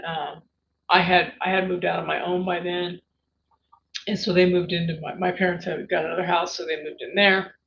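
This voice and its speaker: A woman tells a personal family story on a livestream, her voice gravelly and full of restarts. The audio is dull and lo-fi, with faint noise underneath. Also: lowish voice. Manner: emotional, rambling with many restarts. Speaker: livestream host.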